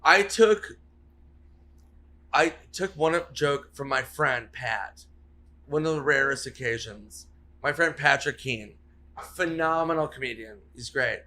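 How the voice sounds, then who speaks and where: A comedian appears as a podcast guest, speaking at a measured pace in a sharp, mid-range voice. In casual chat he rambles through comic stories, swearing and laughing at his own punchlines.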